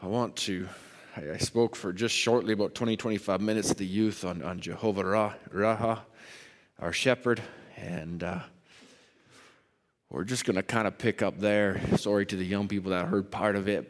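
A man preaching a sermon as pastor, starting in a low conversational voice and building to loud, rising emphasis, with slow, stressed scripture reading. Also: in a large hall. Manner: reads scripture slowly with heavy emphasis. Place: church sanctuary.

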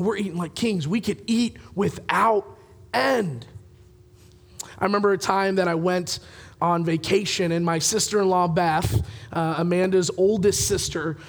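A young male pastor preaching a sermon, storytelling and acting out bits of dialogue, with frequent chuckles. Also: high-pitched.

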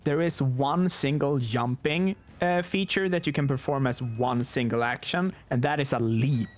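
A man playing a tabletop game, explaining his attacks in a halting way with many fillers. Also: medium pitch, faint music behind. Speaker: player.

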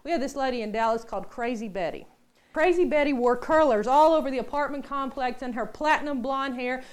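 Animated high-voiced woman preacher. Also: brisk. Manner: animated storyteller, acts out quotes. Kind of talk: storytelling sermon.

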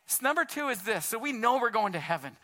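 A male pastor delivers a heartfelt sermon, his voice sitting high and ringing bright. He talks in a relaxed, everyday way, often calling his listeners "man". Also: fast. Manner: casual, earnest preaching, says "man" often.

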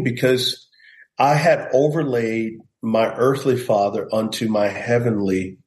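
A man's voice: medium pitch, fairly even intonation, unhurried, darkish tone, roomy sound. A middle-aged man, a pastor and guest, telling a personal testimony in an earnest storytelling way and acting out the voices he quotes. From United States.

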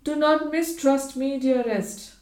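A woman's voice: sits high, takes it slowly, darkish tone, pitched above the performer's own voice. A proud, intense scientist lays out his claims with emphatic conviction, read by a woman. The storybook voice rings with a roomy echo. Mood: earnest.

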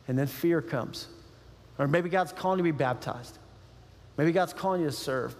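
A male pastor preaching a sermon in an animated way, laughing often and acting out quoted voices. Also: a little high, moderate pace. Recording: long hall reverb.

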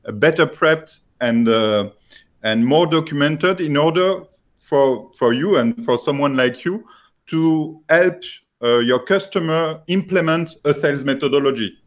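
A man from France with a French accent pitching his software product, speaking haltingly with many filler sounds.

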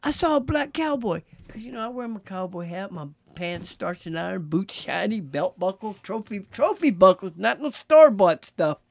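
A middle-aged man from Texas, a former jockey, telling stories in a relaxed, rambling interview chat. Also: high-pitched, gravelly. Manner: relaxed, drawn-out storytelling with asides. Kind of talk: casual storytelling.

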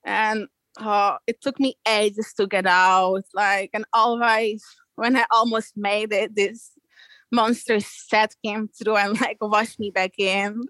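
Lively young Belgian-raised woman, dry close mic. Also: mid-range voice, slow, no echo, rough recording. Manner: animated, laughs often, acts out quotes. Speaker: guest surfer. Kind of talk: casual storytelling.

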